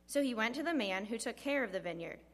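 A woman reading scripture aloud at a church service in a measured, steady way. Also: fairly high pitch. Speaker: scripture reader. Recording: long hall reverb.

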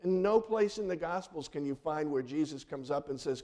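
Mellow-voiced male pastor preaching. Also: fairly high pitch, lively intonation, normal speed, hardly any pauses. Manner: earnest preaching with dramatic soft drops. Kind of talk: sermon.

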